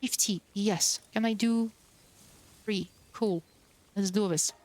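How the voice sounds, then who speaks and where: A woman's voice: medium pitch, slow, a little mellow. A young woman streamer chatting casually while playing, bubbly and cooing over cute creatures. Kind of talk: casual gameplay commentary.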